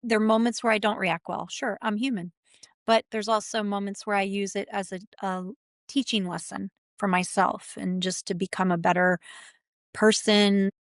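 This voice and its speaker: A woman's voice: medium pitch, steady tone, moderate pace, dry recording. Guest: earnest middle-aged woman, heartfelt interview storytelling, close dry mic. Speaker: pageant titleholder guest.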